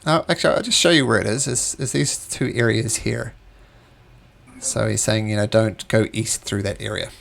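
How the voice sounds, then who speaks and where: A man's voice: fairly low pitch, moderate pace, creaky, fairly bright tone. A man running a tabletop game as game master, narrating in a chatty, easygoing way and laughing often.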